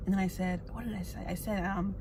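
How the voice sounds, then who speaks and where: Twenties woman talking to her phone in a parked car, excitable and sweary, loud a c hum behind her. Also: mid-range voice, fast. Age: 20s. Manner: candid, excitable, swears casually. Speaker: vlogger. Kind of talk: casual vlog chat. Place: parked car with the air conditioning running.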